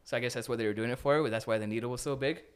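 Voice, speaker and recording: A young man telling a story casually on a podcast, animated and laughing as he acts out moments. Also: medium pitch, rapid-fire, smooth.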